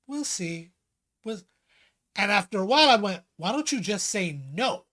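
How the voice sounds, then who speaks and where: A man's voice: sits high, a little fast. A man co-hosting a podcast, chatting casually, telling stories and acting out quotes with laughs. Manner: animated storyteller, acts out quotes; laughs often. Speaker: podcast co-host. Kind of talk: casual chat.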